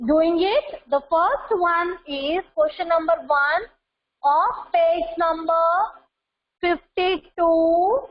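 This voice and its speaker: High-pitched Indian English teacher, slow drills. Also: female voice, a little hiss or hum. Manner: repetitive, drills words, mixes Hindi into English. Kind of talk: online class lesson. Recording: dull lo-fi sound.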